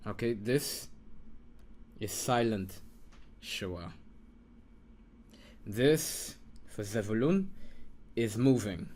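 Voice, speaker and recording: A man's voice: on the low side, animated, very slow, long pauses, a little mellow, slight background noise. A man teaching an informal lesson, patiently repeating sounds and muttering to himself while he writes. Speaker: Hebrew teacher.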